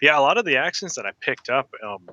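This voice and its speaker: A man with a very bright, cutting tone chats with friends during a game. He is easygoing but halting, circling back and restarting his thoughts. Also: medium pitch, sing-song, highs cut off. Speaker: co-player. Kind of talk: casual chat while playing a game.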